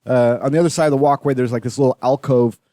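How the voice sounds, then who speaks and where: Here the young Canadian man talks fast in a mid-range voice, recorded in echo-free studio quality. As host of his podcast he delivers a profane, wandering, casual monologue of stories, growing lively in the retelling.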